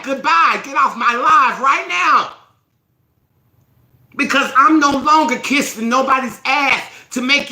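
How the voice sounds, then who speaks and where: Woman, live-stream host, angry profane rant, piercing bright voice, roomy echo. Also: high-pitched. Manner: profane, scolding, forceful. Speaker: host of a self-help live stream challenge.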